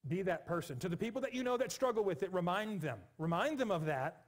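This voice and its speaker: A man in his forties preaching a sermon as pastor in a church, earnest and pleading, with bursts of animated humor. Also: sits high, fast, few pauses. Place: church sanctuary.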